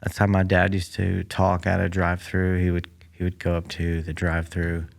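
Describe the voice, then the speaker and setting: A man's voice: low-pitched, completely flat delivery, normal speed, creaky. A man hosting his own podcast alone in a library room, rambling dryly with lots of fillers into a mic that picks up the room. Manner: rambling, dry, many fillers. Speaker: podcast host. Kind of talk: casual comedic monologue. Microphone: studio mic that picks up the room.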